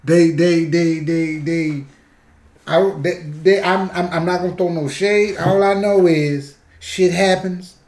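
Male co-host, high-pitched, joking and animated, echoey room. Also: slow pace. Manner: joking, animated, laughs often. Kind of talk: casual gossip chat. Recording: echoey room with faint noise.

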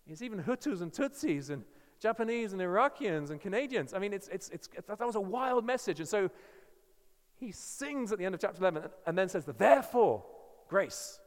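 A man's voice: sits high, lively intonation, a little fast. An English man preaching a sermon as a guest speaker, earnest and emphatic, often restarting his phrases. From England. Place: church. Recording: church hall with long reverb.

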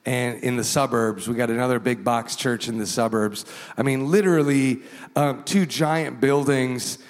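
A man preaching as a pastor, telling a story with animated delivery and acting out the voices of the people in it. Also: medium pitch, moderate pace, big-room sound. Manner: animated, acts out quoted voices. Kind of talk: sermon storytelling.

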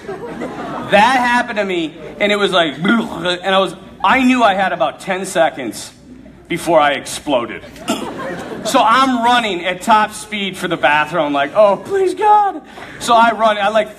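Male preacher, high and very lively voice, comic storytelling sermon, laughs mid-line. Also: background noise. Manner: animated, laughs through his story.

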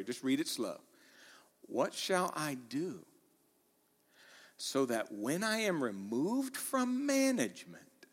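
A man preaching a sermon in a church, animated, acting out the quoted lines with rising intensity. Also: mid-range voice, in a large hall. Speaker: pastor.

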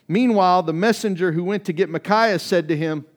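A man preaches a sermon with a somewhat raised pitch. He speaks casually to his listeners and often sinks his voice to a murmur for emphasis. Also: a little fast. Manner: conversational preaching with sudden drops in volume; acts out quoted voices in reading. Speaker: pastor.

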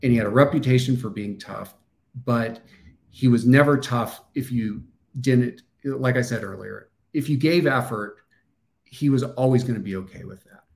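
A middle-aged man with a Midwestern American accent and a gravelly, fry-laced voice at an ordinary pitch. He talks as a podcast guest in a reflective, halting way, starting over and circling back as he thinks. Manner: thoughtful, halting with restarts and fillers. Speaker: podcast guest, former wrestler. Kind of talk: casual interview talk.

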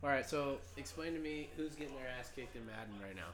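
A man's voice: medium pitch, lively intonation, fast, a bit bright. A man co-hosting a casual podcast, teasing and crude. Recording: video game crowd noise behind.

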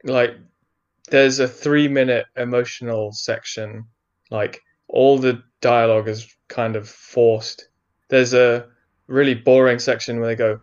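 A man's voice: medium pitch, fairly even intonation, unhurried. Chatty man with a dull lo-fi sound. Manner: chatty, lots of likes and fillers. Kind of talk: casual chat.

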